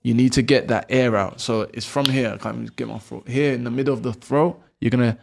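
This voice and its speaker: A man giving a video lesson on letter sounds, patiently repeating each sound slowly for learners to copy. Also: mid-range voice, fairly even intonation, creaky, slight background noise. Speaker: language teacher. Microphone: camera, close framing.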